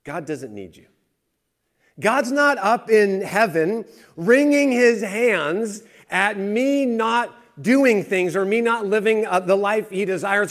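Man, pastor, sermon, fairly high voice, lively rising and falling delivery, quiet low emphasis then animated exclamations. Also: slow.

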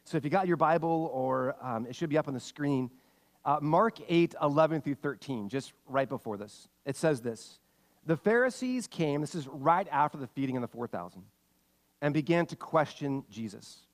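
A man preaching a sermon as pastor, reading scripture and telling a lively family story in animated bursts. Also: fairly high pitch, normal speed. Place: church sanctuary. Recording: long hall reverb.

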